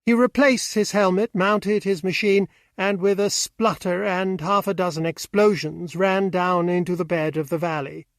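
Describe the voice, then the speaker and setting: A man narrating an audiobook with steady, even storytelling on a close mic. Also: sits high, moderate pace, hardly any pauses, dry recording. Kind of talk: scripted narration.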